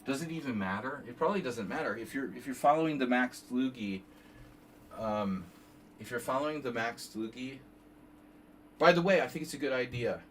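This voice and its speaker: A man's voice: mid-range voice, animated, moderate pace, fairly bright tone. A man in his fifties streaming casual chess analysis, rambling off on tangents while he reads moves aloud. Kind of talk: casual live game analysis. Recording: slightly distant mic, faint background noise.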